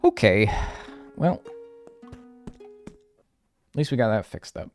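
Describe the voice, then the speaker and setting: A man's voice: lowish voice, huge pitch swings, drawn-out words, darkish tone, faint music behind. A man streaming a video game, chatting casually with his viewers and ranting in mock seriousness. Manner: talks to chat, mock-serious rants. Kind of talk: casual livestream chat.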